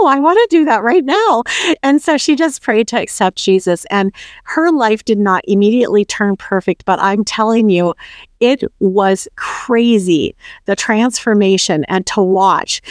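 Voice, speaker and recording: A middle-aged woman tells a personal story of faith as a guest, moving quickly and warmly through the events. She drops into little voices when she quotes other people. Her voice sits in an ordinary middle range and sounds close and dry, with no room around it. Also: medium pitch, dry recording. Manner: animated, acts out quoted voices. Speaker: podcast guest.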